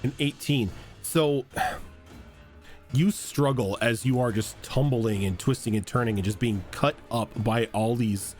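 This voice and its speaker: A man's voice: medium pitch, measured pace, darkish tone, faint music behind. A man narrating and ruling as game master of a tabletop game, describing scenes and explaining rules.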